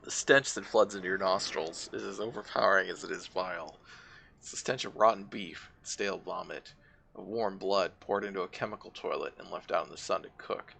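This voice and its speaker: Gravelly guy streaming a game, reads narration out loud, wry asides. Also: deep voice, a little fast, a little hiss or hum. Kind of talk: game playthrough, reading narration aloud and commenting.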